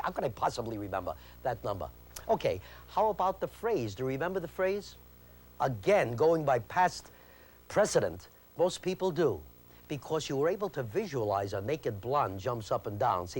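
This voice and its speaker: A man teaching a memory technique on an instructional video, speaking emphatically, repeating his key points and quizzing the viewer. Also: fairly high pitch. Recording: 1980s VHS instructional tape.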